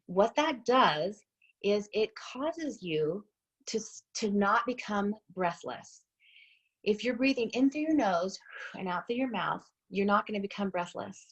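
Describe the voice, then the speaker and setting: A woman in her thirties speaks with a slightly husky voice in a relaxed, chatty group talk. She is a fitness instructor, upbeat and encouraging as she walks listeners through deep breathing. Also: moderate pace, muffled recording.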